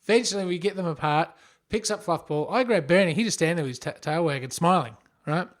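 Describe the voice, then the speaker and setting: A man co-hosting a podcast, telling an animated story in casual chat and acting out the voices of the people in it. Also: a little high, fast talker. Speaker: podcast co-host.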